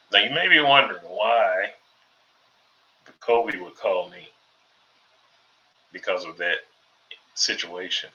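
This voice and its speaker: Deep-voiced man telling a casual story. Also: animated, measured pace, long pauses, bright, forceful tone, muffled recording, a little hiss or hum. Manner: laid-back, conversational, many fillers. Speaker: ex-Jehovah's Witness commentator.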